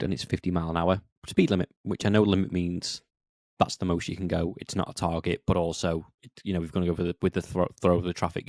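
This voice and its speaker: Fast-talking low-voiced man. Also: no echo, clean studio sound. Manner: animated, acts out quoted lines in a raised voice. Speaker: podcast co-host. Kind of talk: casual chat.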